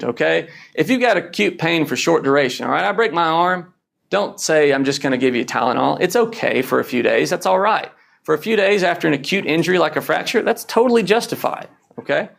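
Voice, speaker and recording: Blunt man in a lecture, gravelly, slightly high voice, keeps asking "okay?". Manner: blunt, punchy, frequent "okay?" check-ins. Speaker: emergency physician lecturing. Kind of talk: conference lecture.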